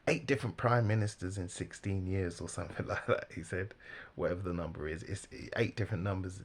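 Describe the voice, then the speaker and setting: A man giving casual, animated religious commentary, laughing often and mimicking the people he talks about. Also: sits low, a little fast.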